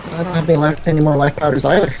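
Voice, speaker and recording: A man's voice: a little high, fairly even intonation, rapid-fire, darkish tone, a little hiss or hum. A man playing a co-op game with friends in casual chat, playful and laid-back. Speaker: co-op game partner.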